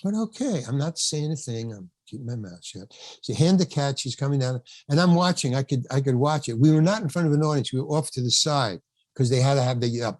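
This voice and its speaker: A man's voice: mid-range voice, expressive, brisk, a little mellow, no room sound. An older man, an actor, telling a rambling backstage story in a podcast interview, acting out the quotes, laughing often and swearing now and then. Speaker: actor guest.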